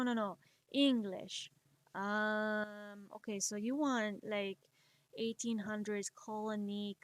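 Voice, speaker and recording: A woman livestreamer from the United States chats while drawing, rambling with plenty of fillers and a sarcastic edge. Her delivery is unhurried and fairly flat in pitch. The sound is dry and close, with no room around it. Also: dry recording. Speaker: streamer.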